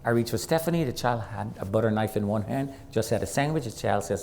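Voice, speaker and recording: A man's voice: fast talker, creaky, a little hiss or hum. Man preaching a dramatic testimony. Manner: dramatic storytelling, shifts from loud and high to low and quiet; acts out quoted voices. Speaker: guest preacher. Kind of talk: sermon testimony storytelling. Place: church sanctuary.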